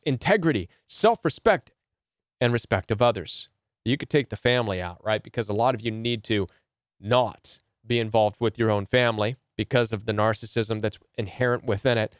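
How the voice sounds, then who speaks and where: Studio-quality audio with no room sound captures a man's mid-range voice at a slightly fast pace. He speaks to camera as a relationship coach, emphatic and repetitive, often tossing in a rhetorical "right?"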